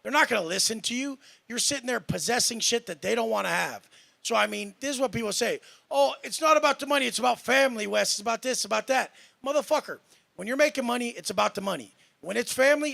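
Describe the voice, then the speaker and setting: A man's voice: high voice, creaky, sharp tone, dry recording. A brash, profane man boasting on a podcast panel. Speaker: panel guest. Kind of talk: heated podcast panel talk.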